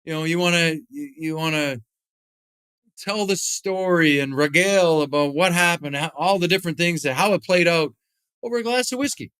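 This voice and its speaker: A man's voice: fairly high pitch, steady tone, moderate pace, a bit bright, clean tone, no echo. A middle-aged man, a podcast guest, telling stories in a rambling, casual way with many fillers and restarts. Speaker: podcast guest, retired hockey player and whisky founder. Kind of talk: casual interview storytelling.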